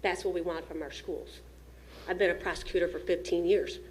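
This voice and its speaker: A woman's voice: on the low side, fairly even intonation, a little fast, a little hiss or hum. A woman giving an emotional, pleading public comment at a school district meeting, nervous and shaking as she speaks into a podium microphone. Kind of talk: impassioned public comment speech.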